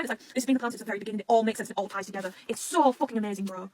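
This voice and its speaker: A woman's voice: medium pitch, very fast, hardly any pauses, a little hiss or hum. A woman chatting casually in a reaction video, rambling, emotional and gushing, with frequent swearing. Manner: excitable, rambling, swears often. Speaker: manga reaction vlogger.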